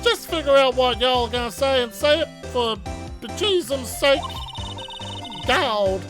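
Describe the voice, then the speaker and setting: A brash, feisty Southern country gal with a thick drawl, loud and folksy as she scolds. Her voice rises high and swings widely. Video game music plays underneath. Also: expressive, a little slow. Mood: scolding. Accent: Southern US drawl, put on. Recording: game music playing behind.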